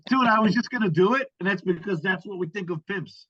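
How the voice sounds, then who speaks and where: A man's voice: sits high, fast talker, fairly bright tone, husky. A man co-hosting a comedy chat, laid back and tossing in joke ideas. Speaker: co-host. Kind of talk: casual comedy podcast chat. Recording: dull, muffled sound.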